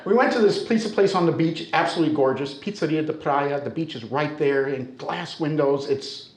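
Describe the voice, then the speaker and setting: An older American man spins a funny personal tale for a live crowd, his talk loose and conversational. His voice sits a bit high for a man, and the hall adds a clear echo around every line. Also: fairly quick. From United States. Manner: conversational and humorous. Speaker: storyteller. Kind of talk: told personal story before a live audience. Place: storytelling center hall. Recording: echoey hall.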